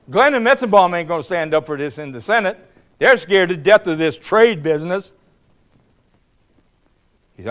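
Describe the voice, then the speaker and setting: Older guy, blunt and fighty, clear smooth voice a bit high, goes loud then quiet. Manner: blunt, combative, swings from loud to low. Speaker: speaker. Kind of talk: public speech storytelling. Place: hall.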